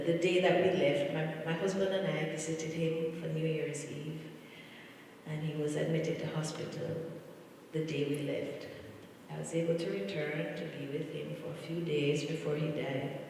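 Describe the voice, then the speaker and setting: Eulogy reader: man, slow and solemn, higher voice, far from the mic in a big echoing church. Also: a little mellow, a little hiss or hum. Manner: measured, solemn delivery with repeated phrases. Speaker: family member giving a eulogy. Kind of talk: funeral eulogy. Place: large church.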